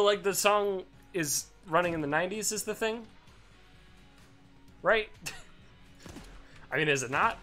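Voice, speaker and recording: Animated young man rambling over gameplay. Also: fairly high pitch. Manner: rambling, swears freely, excitable bursts. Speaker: let's play host. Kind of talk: casual gameplay commentary.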